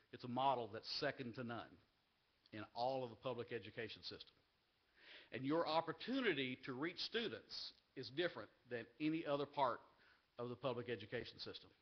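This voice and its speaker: A man delivers a heartfelt speech at a live university event, earnest and openly emotional. His pitch sits in a middling range, and he leans on repeated phrases for emphasis. The webcast audio is a little dull. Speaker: agricultural education association leader giving a speech.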